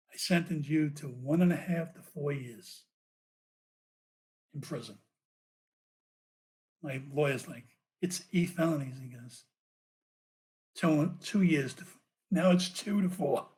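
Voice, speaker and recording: Male ex-cop guest, animated and profane storyteller, slightly high voice. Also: slow pace, pauses often. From United States. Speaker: podcast guest, former police officer. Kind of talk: storytelling in a podcast interview.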